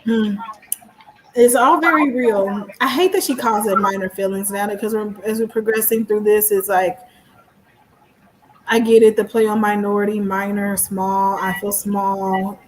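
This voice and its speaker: A woman's voice: medium pitch, normal speed, rough recording. A woman from Missouri with a Missouri accent, talking animatedly and emphatically in a casual book club discussion. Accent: Missouri American. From Missouri, USA. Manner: animated and emphatic, laughs at her own points.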